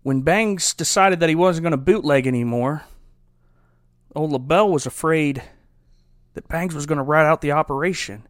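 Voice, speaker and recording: A man cohosting a casual chat, retelling a plot with animated jokes and playful insistence. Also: fairly high pitch, normal speed, dry recording, clean studio sound. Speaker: podcast co-host. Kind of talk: casual storytelling recap.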